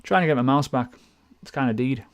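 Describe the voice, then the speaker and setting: A man hosts a casual livestream, talking loosely and joking at his own expense. His voice sits at an ordinary middle pitch, and his chat is slangy and relaxed. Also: fairly quick. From United Kingdom. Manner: chatty, jokey, self-deprecating, with slangy asides. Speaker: crypto analysis livestream host.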